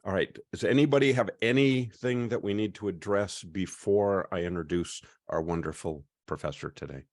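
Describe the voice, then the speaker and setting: Deep-voiced man hosting an online class. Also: a little mellow, dry recording, clean studio sound. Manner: chatty, welcoming, often pauses with "uh". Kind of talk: hosting a video call class. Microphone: video call.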